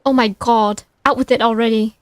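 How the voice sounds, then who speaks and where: A sleepy, short-tempered young man with a put-on British accent that keeps sliding toward Irish, as a woman reads him out. He snaps and huffs, the voice set high. The sound is close and dry. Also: fairly even intonation, normal speed, dry recording, lightly acted. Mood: irritated. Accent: attempted British, drifting Irish. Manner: curt, annoyed.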